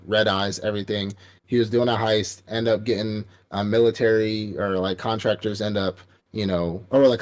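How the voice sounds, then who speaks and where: A man with a fairly low, slightly mellow voice co-hosts a podcast, casually recapping an anime. He rambles and swears, acting out the characters' quotes as he goes.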